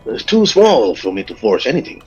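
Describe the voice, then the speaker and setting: A man voicing a burly, blunt male blacksmith who is also a butcher, talking with drawn-out pauses and sudden pitch jumps. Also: huge pitch swings, warm tone, breathy edge, lo-fi sound, faint music behind, exaggerated voice. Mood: gruff.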